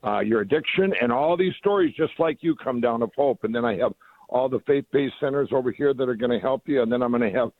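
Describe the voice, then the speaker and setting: A man's voice: medium pitch, fast, dry recording. A middle-aged man being interviewed over the phone, rambling and enthusiastic, with lots of restarts. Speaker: guest. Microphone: phone line. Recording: tinny dry phone line.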